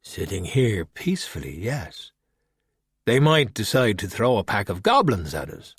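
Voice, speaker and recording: Skulduggery Pleasant, voiced by a man, wry and husky. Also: on the low side, wildly swooping pitch, no echo, exaggerated voice. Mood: calm, wry. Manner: measured, wry and unhurried. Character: dry witty skeleton detective, male, calm. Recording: dry close audiobook recording.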